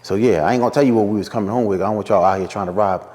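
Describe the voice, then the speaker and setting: A man's voice: fairly low pitch, racing, long reverb tail. A man from Philadelphia, a radio personality, telling stories in a casual interview and acting out the voices of the people he quotes. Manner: animated storyteller acting out quotes in a raised voice.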